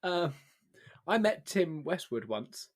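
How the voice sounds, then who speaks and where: A man's voice: fairly high pitch, very animated, slow pace. A young man, co-hosting a podcast in casual chat, rambling, laughing often and swearing freely. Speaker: podcast co-host.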